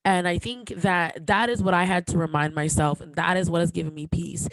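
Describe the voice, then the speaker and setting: A woman's voice: fairly low pitch, steady tone, fairly quick, poor audio. A woman in her thirties hosting a podcast, talking candidly and with emotion, joking now and then, with many fillers and restarts. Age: 30s. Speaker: podcast host. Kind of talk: casual podcast monologue.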